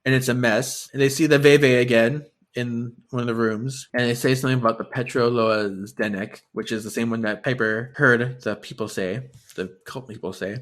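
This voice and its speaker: A man co-hosting a podcast, retelling a book's plot in a chatty, animated way full of "like" and quick asides. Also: medium pitch. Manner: animated storytelling full of "like" and laughter. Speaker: podcast co-host. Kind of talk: casual chat retelling a book.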